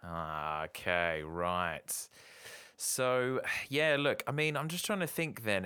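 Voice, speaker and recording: A podcast co-host in casual chat, musing aloud and speculating about where a story is heading. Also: male voice, lowish voice, bright, forceful tone, smooth, no echo, clean studio sound. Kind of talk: casual chat, guessing plot.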